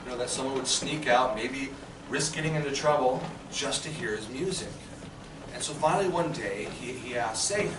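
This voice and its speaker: A man's voice: medium pitch, very noisy. Guy doing a history talk in a little echoey old office, kinda far from the mic, chatty with lots of uh's. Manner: chatty, loose, with fillers and restarts. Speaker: living history performer and musician. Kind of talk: casual historical talk to visitors. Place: small historic clerk office indoors. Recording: echoey room, from far off, loud guitar.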